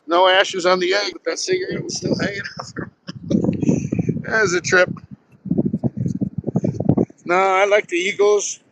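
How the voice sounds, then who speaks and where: A man's voice: sits high, flat delivery, measured pace, vocal fry, long pauses, noisy background. A man in his sixties from Southern New Jersey, rambling through stories on a casual live stream while walking on a beach, phone in hand. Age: 60s. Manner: rambling, storytelling, swears casually. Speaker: live streamer, retired Marine pilot. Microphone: phone held while walking.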